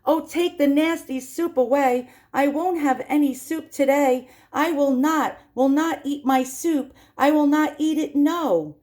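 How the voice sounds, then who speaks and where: Woman putting on a whiny little boy for a storybook reading, higher-pitched and pushy, refusing his soup. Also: measured pace, few pauses. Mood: stubborn refusal. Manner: whiny, insistent shouting.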